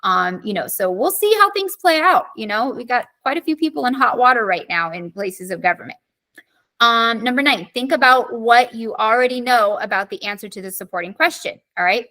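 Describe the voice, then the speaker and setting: A woman government teacher giving a casual live online lesson, chatty and animated, full of fillers as she tells stories. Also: fairly high pitch, fairly quick.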